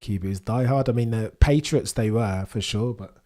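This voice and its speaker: This live-stream host is a man with a fairly low voice and a brisk pace, chatting before a race. Still congested as he recovers from illness, he reads the chat, jokes around with viewers, and has sudden flashes of excitement.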